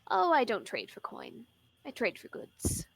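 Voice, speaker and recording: A woman voicing a shrewd wandering river merchant who often drops to a hushed half-whisper. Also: fairly high pitch, huge pitch swings, unhurried, vocal fry, no echo, exaggerated voice, rough recording. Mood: scheming.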